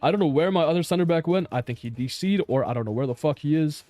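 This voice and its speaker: A man's voice: on the high side, lively intonation, fast talker, dark tone, soft background music. Exasperated man breaking down match footage. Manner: blunt, exasperated, swears and laughs in disbelief. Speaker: player reviewing his own match footage. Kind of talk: casual gameplay review commentary.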